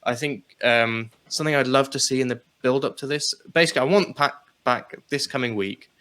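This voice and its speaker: Male co-host, bright tense tone, animated casual chat about wrestling. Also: mid-range voice, brisk. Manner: animated, laughs, swears casually. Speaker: podcast co-host.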